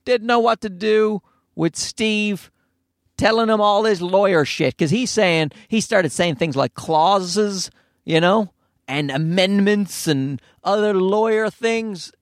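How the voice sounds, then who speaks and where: A man hosting a podcast, telling a story casually, profane and animated, often laughing. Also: high voice, slow pace, dry recording, clean studio sound.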